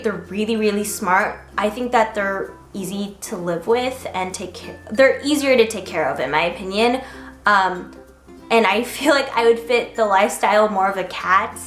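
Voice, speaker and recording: A woman's voice: mid-range voice, fairly bright tone. A young woman chatting casually to camera in a vlog, bubbly and giggly, with lots of "like" fillers. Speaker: vlogger. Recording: roomy echo, faint music behind.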